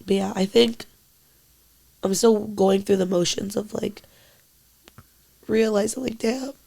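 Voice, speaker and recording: A young woman co-hosting a casual podcast, speaking haltingly with lots of "like" and swearing, quiet and emotional, at times dropping to near-whispers. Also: mid-range voice, level tone, creaky. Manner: halting, full of "like" and frequent swearing. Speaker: podcast co-host.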